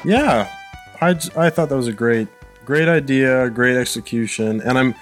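A man's voice: medium pitch, moderate pace, over music. Easygoing man with dry podcast humor. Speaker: podcast co-host. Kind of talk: casual podcast chat.

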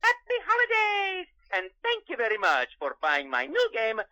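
A man's voice: huge pitch swings, moderate pace, sharp tone, full character voice, poor audio. A man voicing a cheery, bouncy Italian plumber in a recorded phone ad, with a put-on Italian accent and big whooping exclamations. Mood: gleeful. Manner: exclaims catchphrases with big pitch leaps. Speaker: voice actor in a phone ad.

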